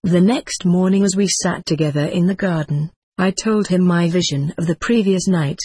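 Breathy woman reading a somber memoir. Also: on the low side, warm tone, no room sound. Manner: measured, somber storytelling. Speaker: audiobook narrator. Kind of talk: first-person memoir reading.

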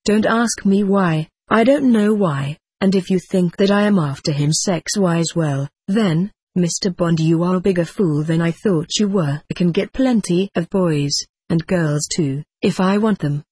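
Reader voicing a blunt male doctor, middle-aged, husky, plain-spoken, dry close sound, mid pitch. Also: unhurried, few pauses, a little mellow, no room sound. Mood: firm.

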